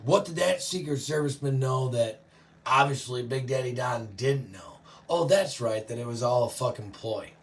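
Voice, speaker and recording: A man hosting a show, ranting profanely and yelling often, reacting to live chat. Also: medium pitch, normal speed, recorded from a distance. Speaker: show host. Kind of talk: political rant to live chat.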